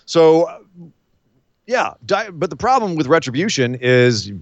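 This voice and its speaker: A man co-hosting a casual wrestling recap chat, animated and acting out scenes in silly voices. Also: a little high, measured pace, dry recording, highs cut off. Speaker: podcast co-host.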